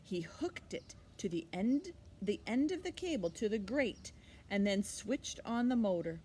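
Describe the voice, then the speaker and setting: A woman librarian reading a picture book aloud to children, expressive and animated, pausing for little asides to the listener. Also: medium pitch, slight background noise. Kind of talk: storytime read-aloud for children.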